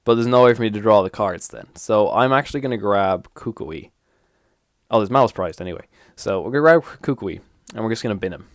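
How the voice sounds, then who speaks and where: A young man giving casual, animated commentary as he plays a card game on his channel, swearing and mocking himself. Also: lowish voice, brisk, no room sound, clean studio sound. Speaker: gaming YouTuber.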